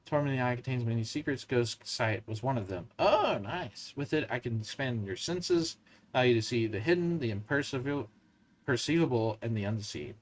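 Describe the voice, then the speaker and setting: A man's voice: mid-range voice, lively intonation, normal speed, lightly acted, low-quality recording. A man reading a ghost wizard in a Southern US accent. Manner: reads lines aloud, stumbling at times. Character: dead male wizard ghost bound to a soul gem.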